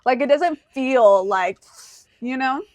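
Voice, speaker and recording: Young woman, podcast co-host, playful banter, high voice, dry close sound. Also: lively intonation, slow pace, a little mellow, dry recording. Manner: playful, laughs often, argues back. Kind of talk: casual chat.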